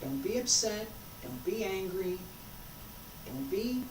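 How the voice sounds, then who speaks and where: A woman teaching a qigong class, guiding breath and movement with slow, coaxing, drawn-out phrases and long pauses. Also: mid-range voice, expressive, background noise. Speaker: qigong instructor. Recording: roomy sound from a distant mic.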